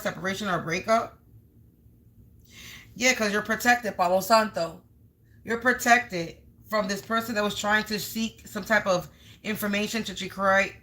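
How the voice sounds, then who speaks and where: A woman's voice: mid-range voice, bright, forceful tone, low-quality recording. A woman giving a live spiritual card reading to viewers. She talks emphatically, stacks up strings of synonyms and swears casually.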